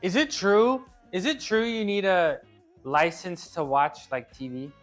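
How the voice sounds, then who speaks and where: Faint music sits under a man's high-pitched voice as he trains on a live stream. Speaking at a measured pace, he reads chat and chats casually, laughing readily and frequently starting his phrases over.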